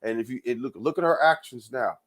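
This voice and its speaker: A man's voice: mid-range voice, fairly quick. A man hosting his own show, ranting in loose commentary with frequent profanity, repeated words and laughs. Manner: rambling, profane, repeats himself, laughs often. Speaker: show host.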